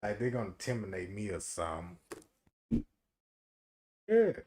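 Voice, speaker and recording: A man streaming a profane comedic rant, swinging from shouting to muttering. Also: on the low side, sing-song, normal speed, a little hiss or hum.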